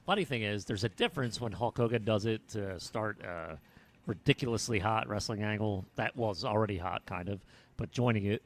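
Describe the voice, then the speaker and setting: A man's voice: fairly low pitch, a little fast. A man co-hosting a podcast in casual chat, laid-back, with short reactions and asides. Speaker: podcast co-host. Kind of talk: casual wrestling recap chat.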